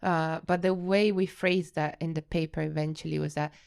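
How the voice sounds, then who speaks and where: An Italian-accented woman with a low voice and a gravelly edge, speaking as a guest researcher on a podcast. She hesitates and restarts often, then gets animated when she explains her work. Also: moderate pace. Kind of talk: podcast interview.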